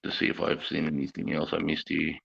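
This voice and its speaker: A deep, gravelly Australian man telling army yarns on a live stream, full of swearing and laughter. His voice is husky, and the stream audio sounds dull and lo-fi. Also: completely flat delivery, fairly quick, fairly bright tone. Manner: profane, laughing war-story telling. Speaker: livestream host. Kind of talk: casual storytelling chat.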